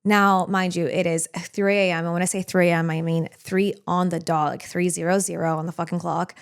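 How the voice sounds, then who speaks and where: Young woman guest; chatty, animated storyteller, constant fillers. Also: fairly low pitch, a little fast, clean tone. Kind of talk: casual podcast chat.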